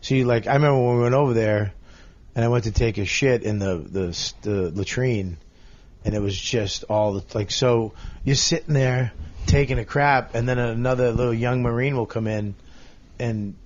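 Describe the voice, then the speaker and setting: A man telling a personal story in a casual chat, earnest and halting, restarting his sentences. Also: mid-range voice, a little mellow, lo-fi sound. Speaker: radio host and podcast guest.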